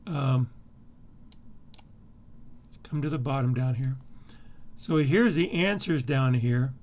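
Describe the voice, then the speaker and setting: A middle-aged man lecturing over a screen recording, pausing with "uh" and repeating words as he clicks through files. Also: medium pitch, darkish tone. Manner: halting, repeats words and fills with uh while navigating files. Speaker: instructor.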